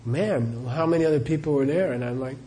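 A man's voice: fairly high pitch, a little fast, background noise. Chatty middle-aged male Buddhist teacher. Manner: chatty, laughing storyteller, many "you know"s. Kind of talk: live Q&A talk with anecdotes.

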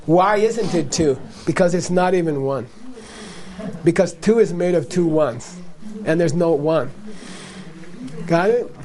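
A man with a high voice gives a teaching talk on Buddhism to a live audience. He keeps it playful, repeats his points and acts out small exchanges. He laughs often as he explains. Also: animated, a little slow, a little mellow.

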